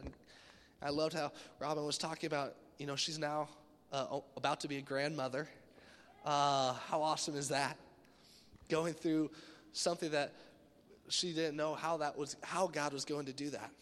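A man preaching a casual sermon, rambling a little and acting out lively quotes. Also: on the high side, moderate pace, long reverb tail, a little hiss or hum. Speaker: pastor.

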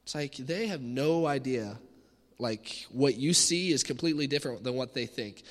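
A man in his thirties giving an animated sermon, acting out the voices of the people he quotes. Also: mid-range voice, moderate pace. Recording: echoey hall.

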